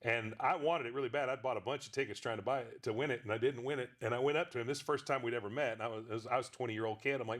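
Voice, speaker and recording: A man's voice: medium pitch, steady tone, racing, hardly any pauses, fairly bright tone. A man in his fifties, a ventriloquist, telling jokes and stories in a rambling, self-interrupting way. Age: 50s. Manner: rambling storyteller, frequent restarts, joking. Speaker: ventriloquist guest. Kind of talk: casual interview talk.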